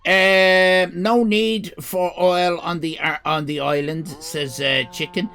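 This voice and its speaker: An Irish man hosting a live stream, chatting casually with viewers, swearing and joking in animated rants. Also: sits high, slow, clear, resonant tone. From Ireland. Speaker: livestream host.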